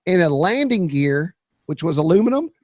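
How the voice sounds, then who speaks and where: A man, hosting a podcast and telling a story with lots of energy, shouting out sound effects and quoted lines. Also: a little high, big pitch swings, normal speed, dry recording. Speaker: podcast host.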